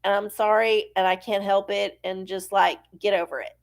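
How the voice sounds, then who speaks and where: A woman's voice: mid-range voice, flat delivery, normal speed. A middle-aged woman hosting a live-stream oracle show, chatting casually and profanely, rambling off on tangents while sneezy from allergies.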